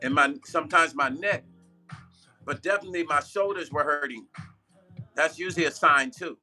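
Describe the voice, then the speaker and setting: A man's voice: a little high, normal speed, pushed and bright. A man hosting a live stream as a music producer. He chats loosely with viewers, repeats himself for emphasis and laughs at his own slips.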